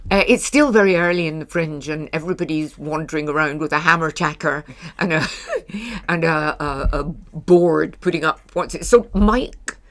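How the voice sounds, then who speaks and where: A woman's voice: sits low, normal speed, few pauses, a bit bright. An older woman from Scotland with a Paisley accent, hosting a casual chat, blunt and teasing. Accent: Scottish, Paisley. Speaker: podcast host.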